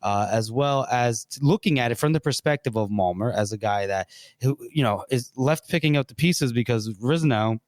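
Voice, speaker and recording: A man's voice: mid-range voice, moderate pace, dry recording, studio quality. A man hosting a book podcast, rambling with fillers as he steers the segments. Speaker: podcast host. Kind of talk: casual book discussion.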